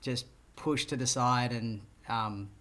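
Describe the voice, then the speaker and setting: Male guest, casual interview, bright sharp tone, animated storytelling. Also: mid-range voice. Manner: animated storyteller, quick fillers. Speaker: guest filmmaker.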